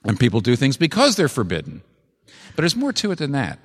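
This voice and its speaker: A man preaching a sermon with an animated, emphatic delivery, repeating phrases for effect. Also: medium pitch, a little fast, long reverb tail.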